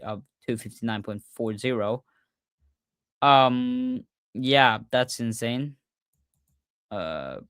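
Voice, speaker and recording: A man hosting a casual livestreamed podcast, talking excitedly and often restarting his sentences with fillers. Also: medium pitch, smooth, dry recording, clean studio sound. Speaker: podcast host.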